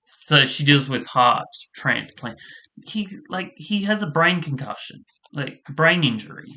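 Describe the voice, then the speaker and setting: Slow, bright-voiced ranting man. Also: a little high, lively intonation. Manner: profane, exasperated, rambling. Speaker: vlogger reviewing a soap opera. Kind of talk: casual ranting commentary.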